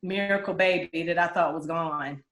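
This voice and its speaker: A woman's voice: on the low side, normal speed. Candid storytelling woman in echoey room. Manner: candid, animated, acts out other people's voices. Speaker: guest telling her story. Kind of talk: personal storytelling interview. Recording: roomy echo.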